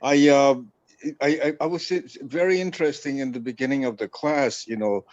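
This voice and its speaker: A man's voice: mid-range voice, fairly even intonation, normal speed, darkish tone, dull audio. Hesitant, stammering man on a call. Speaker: attendee asking a question. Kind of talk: casual question in an online class.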